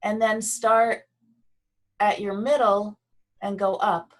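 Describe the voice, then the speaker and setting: A woman teaching a Feldenkrais movement and voice lesson on a video call, guiding slowly and gently with pauses. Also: medium pitch, flat delivery.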